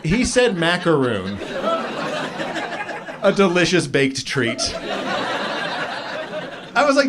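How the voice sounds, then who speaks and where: Animated stand-up comic, laughing crowd. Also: male voice, sits high, extremely slow, long pauses, heavy background noise. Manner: animated storytelling, acts out characters with raised voice. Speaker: stand-up comedian. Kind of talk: stand-up comedy set. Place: comedy club stage before a live audience. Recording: live club audience laughter.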